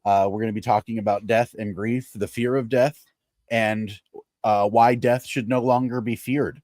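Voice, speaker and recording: A man's voice: lowish voice, steady tone, normal speed, a little mellow, no echo. A man co-hosting a faith podcast, talking earnestly about upcoming episodes, with frequent fillers. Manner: earnest, thoughtful, with many fillers and laughs. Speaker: podcast co-host. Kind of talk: casual chat and show announcements.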